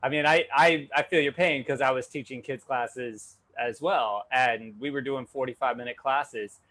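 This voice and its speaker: A man's voice: mid-range voice, normal speed, fairly bright tone, poor audio. A man hosting a casual interview, easygoing and agreeable. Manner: easygoing, agreeable, laughs along. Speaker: podcast host.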